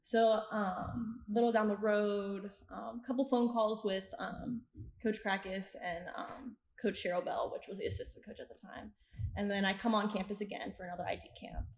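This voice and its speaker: A young woman in her twenties chats through her stories as a podcast guest. She acts out her own past lines and laughs often. Her voice sits at an ordinary pitch in an echoey room. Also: fairly even intonation, normal speed, slight background noise. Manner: chatty, retells scenes with quoted asides and frequent laughs. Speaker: podcast guest, soccer coach. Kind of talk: casual interview storytelling. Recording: roomy echo.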